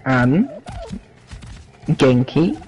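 A man's voice: mid-range voice, very animated, drawn-out words, a little mellow, low-quality recording. A man as a co-player in a casual gameplay chat, laid-back and chuckling often.

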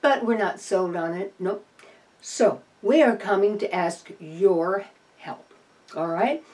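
A woman's voice: medium pitch, slow pace, a little mellow. A woman chatting to camera with dry, playful humor, sometimes cooing tenderly to her pet opossum. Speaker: opossum rescuer and vlogger. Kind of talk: casual chat to camera. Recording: voice somewhat distant from the mic.

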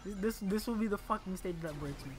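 A man commentating his own game playthrough, exasperated and swearing, muttering to himself between loud outbursts at a desk microphone. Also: high-pitched, quick pace, soft background music. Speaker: gaming channel host. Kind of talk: casual let's play commentary. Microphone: desk microphone by a laptop.

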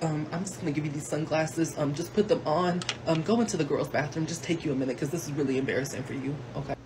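A woman's voice: deep voice, fast talker, background noise. A young woman acting out comedic skits, playful and dramatic, laughing often. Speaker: comedy skit creator.

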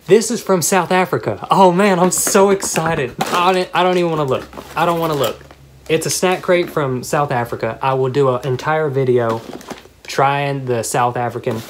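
A woman vlogger chatting casually and excitedly as she opens fan mail at home, often gasping and laughing. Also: extremely low pitch. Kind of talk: casual unboxing chat. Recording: background noise with paper crinkling.

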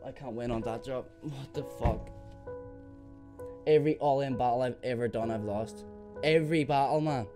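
A young man narrating his online case battles live, agitated and cursing freely. He keeps calling his viewers mate and guys, at a middle pitch, with soft music underneath. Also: normal speed, long pauses. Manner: swears a lot, agitated and frantic. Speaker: YouTuber gambling on case openings. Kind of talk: casual live gaming commentary.

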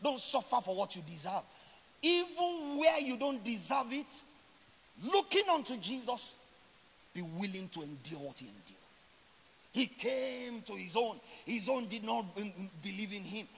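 A man preaching a sermon as a pastor, swinging from loud emphatic lines to quiet, drawn-out endings and slowly stressing scripture quotes. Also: sits high, big pitch swings, a little hiss or hum. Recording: long hall reverb.

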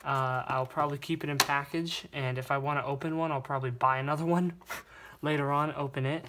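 A young man vlogging as he unboxes toy cars, gushing and stammering with excitement. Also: a little high, brisk. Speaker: toy car collector vlogger. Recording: noisy room with crinkling bags.

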